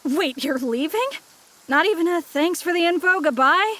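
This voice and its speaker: A woman's voice: very high voice, lively intonation, moderate pace, fairly bright tone. An actress voicing a stern young woman forest ranger who questions strangers firmly, as game voice acting. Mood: annoyed. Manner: firm, questioning.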